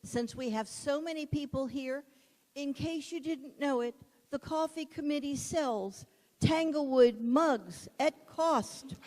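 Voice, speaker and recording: A woman at a community meeting's welcome table, talking in a friendly, unhurried way. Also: high-pitched, a little mellow. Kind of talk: casual announcements. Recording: echoey community hall.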